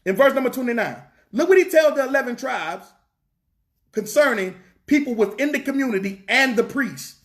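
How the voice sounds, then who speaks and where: A man's voice: very high-pitched, animated, normal speed, fairly bright tone. A man preaching a fervent sermon in a church, repeating lines and asking the congregation rhetorical questions, with a Southern US accent.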